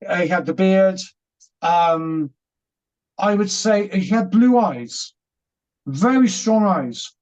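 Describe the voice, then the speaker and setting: A British man telling his story as an interview guest, animated and laughing as he acts out what was said. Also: high-pitched, muffled recording.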